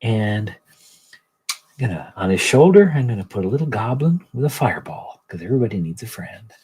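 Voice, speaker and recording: A man putting on the voice of a gentle, soft-spoken TV painting instructor, slow and breathy. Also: lowish voice, sing-song, pitched above the performer's own voice, heavily acted, rough recording. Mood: soothing. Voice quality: hushed, breathy murmur. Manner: slow, soothing, reassuring.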